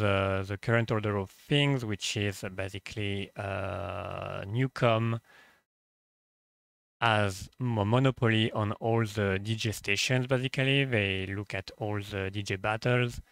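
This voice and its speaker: A man's voice: lowish voice, a bit bright, no room sound. A young man with a French accent hosting a casual commentary video, hesitant with many fillers and blunt, profane asides, on a cheap microphone. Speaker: channel host, translator.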